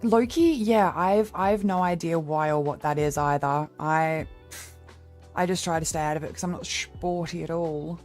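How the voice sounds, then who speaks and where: A woman's voice: low-pitched, normal speed, darkish tone, faint music behind. Playful, swearing Australian woman streamer. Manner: playful, swears freely, laughs often. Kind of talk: casual livestream chat.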